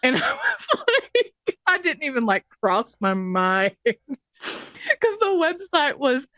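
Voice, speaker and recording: A woman's voice: fairly high pitch, very animated, slow pace, sharp tone, dry recording, studio quality. A woman co-hosting a podcast, telling a rambling funny story and giggling as she quotes others. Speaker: podcast co-host.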